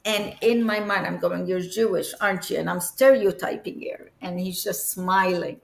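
A woman's voice: lowish voice, steady tone, moderate pace, vocal fry. A woman guest earnestly recounting a personal experience, at times searching for words. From Egypt. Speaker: interview guest. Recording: echoey room.

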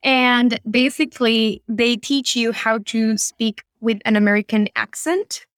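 A young adult woman from Argentina with an Argentine Spanish accent, a guest telling animated stories in an interview. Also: a little high, unhurried, clean tone, no echo, studio quality. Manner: animated storyteller, laughs often. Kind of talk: conversational interview.

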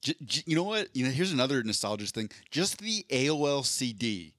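A man's voice: mid-range voice, very animated, a little fast, fairly bright tone, no echo. A man co-hosting a podcast in casual chat, rambling through stories with a self-deprecating, jokey manner. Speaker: podcast co-host.

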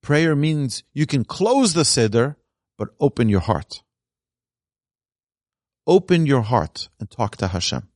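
A man leads a religious lesson as a rabbi, with a voice of ordinary pitch. He tells his points as stories and acts out the people in them with animation. The sound is dry, with no room echo. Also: slow, pauses often. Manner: animated storyteller who acts out quoted voices. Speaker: rabbi teaching a podcast class. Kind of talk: storytelling Torah lesson.

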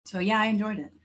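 A woman co-hosting a casual film podcast, telling her views in an animated, expressive way. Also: fairly low pitch, breathy edge. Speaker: podcast co-host. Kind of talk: casual discussion.

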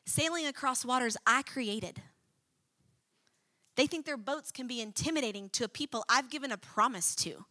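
A woman voicing God, low and scornfully calm. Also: moderate pace, dry recording. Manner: low, quiet, mocking authority. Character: God, mighty and scornful of proud enemies.

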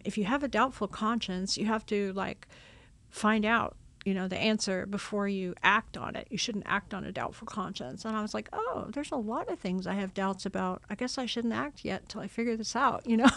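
A religious sister telling her vocation story in a casual, animated way, acting out old conversations. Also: mid-range voice, normal speed, gravelly. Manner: animated, acts out her own past dialogue with laughs.

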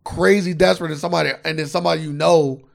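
A man's voice: a little high, steady tone, racing, vocal fry. A man co-hosting a podcast, chatting loosely and with plenty of swearing, sometimes reading facts aloud. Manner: loose, profane, reads facts aloud from a screen. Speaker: podcast co-host. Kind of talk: casual chat.

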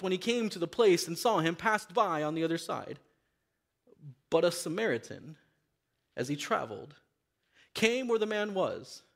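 A man preaching a sermon in a church, reading scripture aloud and then speaking earnestly and openly to the congregation. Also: sits high. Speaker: pastor.

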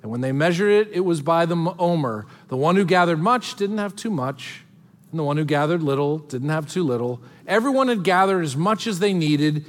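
A man's voice: on the high side, lively intonation, fairly quick, long reverb tail. A man preaching as a pastor, moving between reading scripture aloud and casual, joking asides to the congregation. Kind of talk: sermon.

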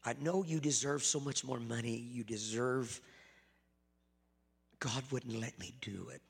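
A preacher plays an earnest young man, low and hushed, sorry but firm. The voice is husky and gravelly, and it hangs in a long church reverb. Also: unhurried. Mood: remorseful.

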